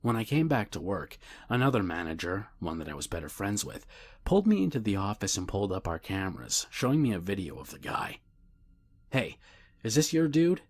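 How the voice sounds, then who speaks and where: Low and husky, a man's voice carries a scary story with steady, unhurried calm. He occasionally lowers it to a whisper as he narrates the scripted tale.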